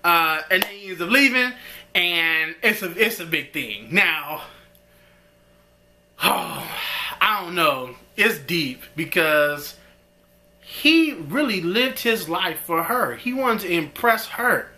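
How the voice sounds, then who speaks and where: Lively slangy man recapping a show. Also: high voice, takes it slowly. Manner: animated, slangy retelling with frequent laughter. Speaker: episode reviewer. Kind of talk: casual recap and commentary.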